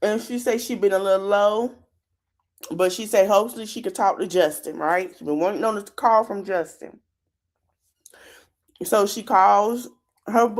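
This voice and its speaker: A woman podcast host chatting through a recap of a reality show. She talks casually and directly to her audience, at an ordinary pitch for a woman. Her tone is loose and conversational rather than scripted.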